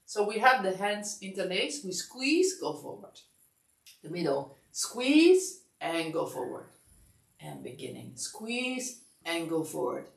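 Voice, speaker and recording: Woman instructor, drowsy and calm, low gravelly voice, recorded from afar in an echoey studio. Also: a little slow, distant mic. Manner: calm step-by-step guidance, counting aloud. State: sleepy, yawning. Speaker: massage teacher. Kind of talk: instructional class demonstration. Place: massage studio.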